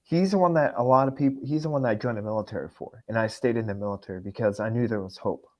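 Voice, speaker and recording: A man's voice: fairly low pitch, fast, darkish tone. Earnest, emotional male podcast guest. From immigrant. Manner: earnest, emotional, reads his own post aloud. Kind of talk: emotional interview talk.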